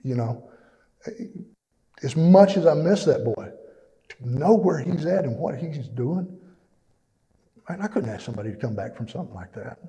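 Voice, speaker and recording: A man's voice: a little high, lively intonation, normal speed, long pauses, mellow. Man, middle-aged, plainspoken church testimony with many fillers, echoing through a reverberant hall. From East Texas. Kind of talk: personal testimony.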